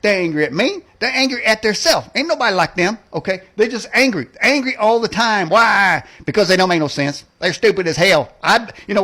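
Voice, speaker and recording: A man's voice: high-pitched, expressive, brisk, few pauses, bright, forceful tone. A man hosting a political rant show, mocking and rambling in folksy slang, laughing at his own jokes and tacking "man" and "okay" onto his lines. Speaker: host.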